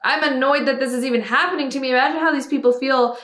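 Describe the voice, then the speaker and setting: A woman chatting casually on a podcast, telling her story in an animated way and acting out what others said. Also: high voice, fast talker, echoey room.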